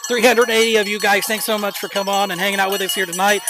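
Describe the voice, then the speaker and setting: A young man calling a live high school football game as play-by-play commentator, excitable, openly nervous and rooting for his team. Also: quick pace, music in the background. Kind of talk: live local sports commentary. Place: outdoor stadium bleachers. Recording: noisy outdoor stadium stream.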